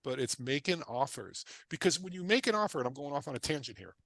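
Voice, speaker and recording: A middle-aged man teaches a live online class, hammering his points home with repeated questions and quick casual tangents. His voice sits high and swings widely in pitch, with a bright, forceful edge. The sound is close and dry. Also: big pitch swings, no room sound. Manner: emphatic and repetitive, drives points home with questions. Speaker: guest real estate investor teaching. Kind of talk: energetic livestream teaching talk.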